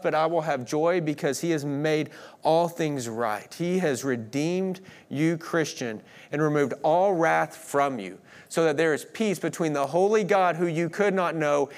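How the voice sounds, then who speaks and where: A man preaching a sermon, earnest, swinging between emphatic declarations and hushed moments. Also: fairly high pitch. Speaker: pastor.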